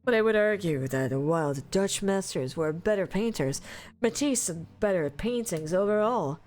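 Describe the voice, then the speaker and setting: A woman streamer playing a game live, reading its dialogue aloud and commenting with animated laughter, loud outbursts and swearing. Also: mid-range voice, moderate pace.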